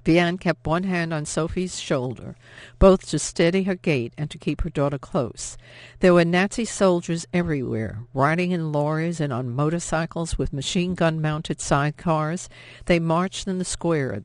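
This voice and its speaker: Measured audiobook narrator, dry close sound. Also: mid-range voice, no room sound. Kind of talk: scripted novel narration.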